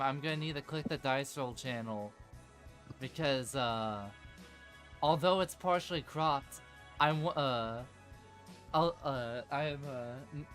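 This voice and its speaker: Rambling, animated man hosting a game chat. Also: mid-range voice. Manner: rambling, animated, many filler restarts. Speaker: game master. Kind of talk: casual chat before a tabletop session.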